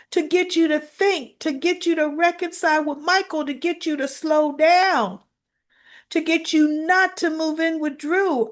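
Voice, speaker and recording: A woman's voice: very high-pitched, voice pushed up. A woman voicing a defensive woman pleading her case in a soap-opera scene she is retelling. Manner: earnest, raised and pleading.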